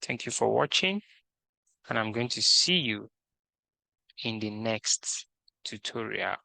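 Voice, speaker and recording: A man's voice: on the low side, expressive, gravelly, bright, forceful tone, no room sound. A man leading a screen-recorded coding tutorial, methodically reading out each task and talking through his steps. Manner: slow, methodical, reads task instructions aloud.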